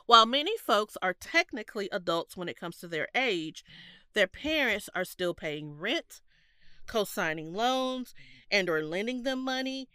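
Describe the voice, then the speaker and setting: A woman's voice: medium pitch, unhurried, clean tone, no echo, studio quality. A woman in her thirties co-hosting a podcast in casual chat, congested from allergies, laughing often as she tells stories. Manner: laughs often, animated storytelling. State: congested, stuffy nose. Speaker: podcast co-host.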